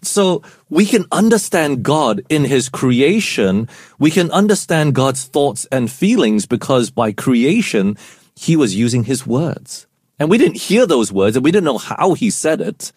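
A man's voice: mid-range voice, very animated, a little slow, a little mellow, breathy edge, no room sound, clean studio sound. A man co-hosting a casual Bible study show, explaining verses and asking his co-host questions.

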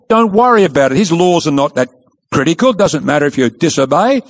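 A man preaching a sermon, telling the story in a lively way and acting out the quoted speech. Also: fairly high pitch, fairly quick.

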